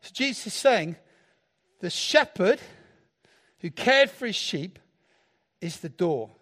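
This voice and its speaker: A man preaching a sermon in a playful, animated way, joking with the congregation. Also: high voice, slow pace.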